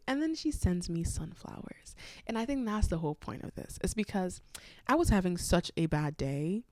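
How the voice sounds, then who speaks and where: A woman's voice: lowish voice, lively intonation, normal speed, a little mellow, no echo, clean studio sound. A young woman hosting a solo podcast, telling a rambling, self-aware story with a congested voice from a cold. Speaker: podcast host.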